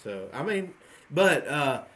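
A man in his forties, a guest on a podcast, talking frankly in a relaxed, rambling way. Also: fairly high pitch, takes it slowly. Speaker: guest trapshooter. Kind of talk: casual podcast chat.

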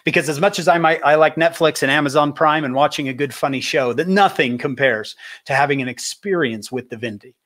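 A man from Utah giving a faith talk as a public speaker, telling stories with animation and slowing down for emphasis. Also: on the high side. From Utah, USA. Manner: animated storyteller, slows for emphasis.

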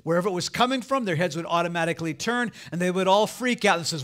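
High-voiced man preaching a sermon. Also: quick pace, few pauses, a bit bright. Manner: preaching with rising fervor, acting out quoted voices. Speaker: pastor.

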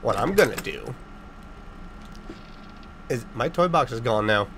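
A man hosting a casual let's-play, joking sarcastically and blurting loud startled reactions. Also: medium pitch, expressive, measured pace, a little hiss or hum. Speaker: gaming channel host.

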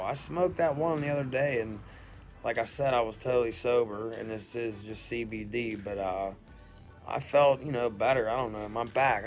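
Give me a laid-back man rambling through a casual vlog review, faint music behind. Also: medium pitch. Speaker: vlog host. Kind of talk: casual product review chat.

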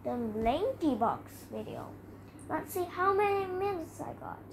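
A woman giving casual commentary while playing a game, excitable and self-mocking, with frustrated outbursts. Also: very high voice, unhurried, noisy background. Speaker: gaming channel host.

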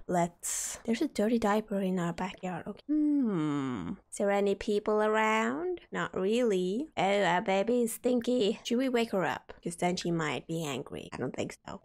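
A woman hosting a gaming channel, giving casual, expressive commentary as she plays a life-simulation game and talks to her characters. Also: medium pitch.

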